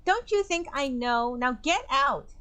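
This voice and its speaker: A woman reading a tearful, hostile young woman in a game, shouting accusations in a high, shrill voice. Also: moderate pace, clear, resonant tone, lightly acted. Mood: hysterical.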